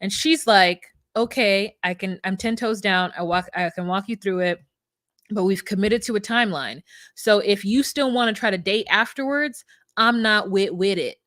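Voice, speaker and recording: A woman's voice: medium pitch, normal speed, a bit bright, no echo, studio quality. A woman co-hosting a casual podcast, chatting through a show recap and acting out quotes in mock voices. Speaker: podcast co-host.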